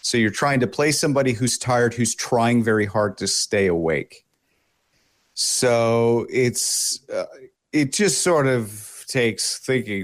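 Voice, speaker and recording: A man, a voice actor and game master, explaining voice tricks in a relaxed interview. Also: mid-range voice, takes it slowly. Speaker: voice actor and dungeon master, guest. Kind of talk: casual interview chat.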